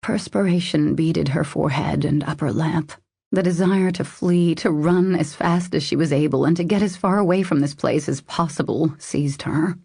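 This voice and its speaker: Low gravelly woman reading an audiobook. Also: normal speed, mellow, dry recording, studio quality. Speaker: audiobook narrator. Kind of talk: scripted narration.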